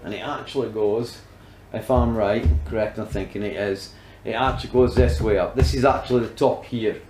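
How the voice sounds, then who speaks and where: A man's voice: medium pitch, a little mellow, roomy sound, slight background noise, rough recording. A man filming a casual woodworking demonstration, talking himself through each step and often muttering under his breath. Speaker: DIY woodworking vlogger.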